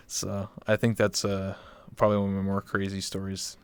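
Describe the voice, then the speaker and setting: A man's voice: deep voice, completely flat delivery, moderate pace, smooth, no room sound. A man from Canada hosting a casual streamed interview, rambling with lots of fillers. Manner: rambling, filler-heavy, laughs easily. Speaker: interview host.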